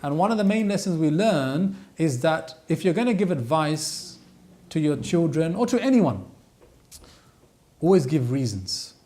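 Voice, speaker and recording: Animated man teaching a lesson. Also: a little high, moderate pace. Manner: animated, mimics voices, recites Arabic verses. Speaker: Quran teacher. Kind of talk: lecture on Quranic advice.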